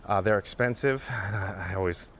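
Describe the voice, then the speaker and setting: A man's voice: lowish voice, a little fast, a bit bright. Man, live-stream host, casual chat, emphatic asides, outdoor walk, faint background noise. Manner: chatty, repeats viewer names, emphatic asides. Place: outdoors in a theme park.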